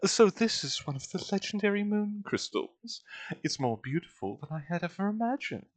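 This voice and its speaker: A man voicing a polite young woman dancer in a gentle, lifted voice while reading game lines. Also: high-pitched, very animated, moderate pace, dry recording, voice pushed up. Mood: sweet.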